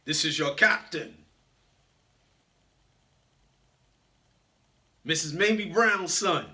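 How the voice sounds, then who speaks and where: A man doing a booming motivational-speaker captain. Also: moderate pace, bright, forceful tone, recorded from a distance. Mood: announcing.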